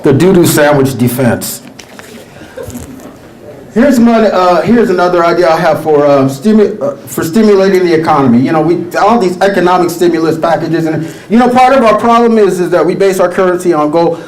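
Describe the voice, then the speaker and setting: A man performing a stand-up comedy set, rambling and animated with lots of filler phrases. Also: sits high, a little fast, reverberant, poor audio. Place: comedy stage.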